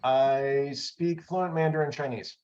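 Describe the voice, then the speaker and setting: A man's voice: on the high side, fairly even intonation, slow, a little mellow. A man answering playful interview questions on a video call, game and good-humored. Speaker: test speaker being interviewed. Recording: slightly dull lo-fi video call audio.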